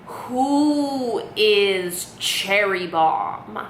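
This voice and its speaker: A woman quoting her suspicious mother, who asks slow, insistent questions over and over as if posing riddles. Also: mid-range voice, animated, a little hiss or hum. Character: suspicious mother, cryptic and accusing. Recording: roomy, echoey room.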